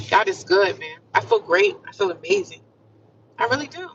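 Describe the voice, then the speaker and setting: A woman's voice: medium pitch, big pitch swings, normal speed, a bit bright, a little hiss or hum. A woman chatting casually on a livestream, upbeat and talkative, often repeating affirmations. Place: inside a car. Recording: distant, muffled phone audio.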